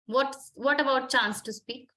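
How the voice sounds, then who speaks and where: An Indian woman runs a communication skills class and keeps pressing her students to speak clearly. Her voice sits high and sounds bright and clear, and she slips between English and Hindi as she questions them. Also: a little slow. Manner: probing, insistent questioning, mixing Hindi and English. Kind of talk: online group discussion coaching.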